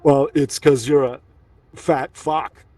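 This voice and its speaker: A man voicing a blunt, mocking grown-up Christopher Robin in halting phrases. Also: medium pitch, fairly even intonation, a little mellow, distant mic, close to an everyday voice. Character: gruff deadpan grown-up Christopher Robin, Walken-style.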